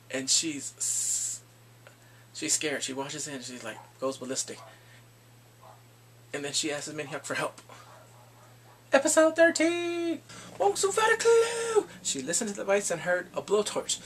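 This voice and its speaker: A man giving a casual recap of drama episodes. He talks in an animated way, acts out the characters and laughs often. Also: fairly high pitch, a little hiss or hum. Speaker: drama reviewer.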